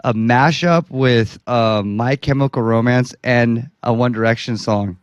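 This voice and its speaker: A man's voice: medium pitch, a little slow, clear, resonant tone, no room sound, dull audio. A young American man, enthusiastic and a bit stumbling, chatting as a radio guest. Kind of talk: casual radio interview.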